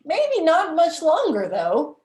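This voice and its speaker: A woman voicing a suspicious, gruff male guide who asks probing questions and makes veiled threats. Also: very high voice, wildly swooping pitch, takes it slowly, a little mellow, echoey room, voice pushed up, heavily acted.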